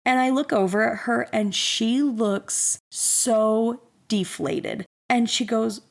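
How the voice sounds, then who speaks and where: A woman's voice: on the high side, slow, vocal fry, hardly any pauses. A woman in her thirties telling a personal story in a candid, self-deprecating, conversational way. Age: 30s. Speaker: podcast host.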